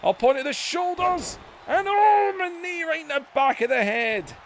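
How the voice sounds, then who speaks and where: A man hosting a gaming video, giving excited wrestling-style play-by-play that bursts into shouts. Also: extremely high pitch, moderate pace, a little hiss or hum. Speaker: YouTube gaming host.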